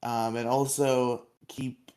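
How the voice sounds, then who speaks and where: A man's voice: mid-range voice, takes it slowly, clear, resonant tone. A man co-hosting a casual podcast, recapping episodes with lots of laughter and acted-out lines. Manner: animated, laughs often, acts out characters' lines. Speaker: podcast co-host.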